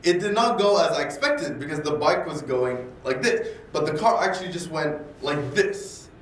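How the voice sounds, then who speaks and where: Man, casual animated storytelling, restarts and repeats words, very echoey room, faint background hum. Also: fairly high pitch, moderate pace. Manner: animated, acts out dialogue in voices. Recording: echoey room, distant mic, faint ambience.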